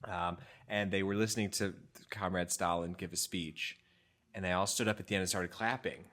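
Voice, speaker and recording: A man co-hosting a podcast in casual conversation, telling stories in a lively way and laughing often. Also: deep voice, normal speed. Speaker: podcast co-host.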